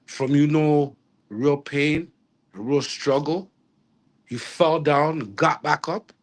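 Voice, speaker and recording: A man's voice: fairly high pitch, takes it slowly. A man, a reggae artist talking casually in an interview, rambling with restarts and slang.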